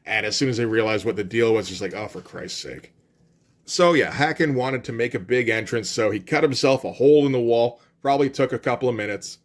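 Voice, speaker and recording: A man's voice: mid-range voice, fast talker, hardly any pauses. A man casually recapping a comic book issue, retelling scenes and quoting the characters in a loose, conversational way.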